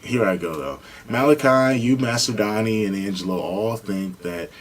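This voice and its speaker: Low-voiced animated male podcast co-host. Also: normal speed, poor audio. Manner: animated storyteller, acts out quoted voices. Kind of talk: casual chat.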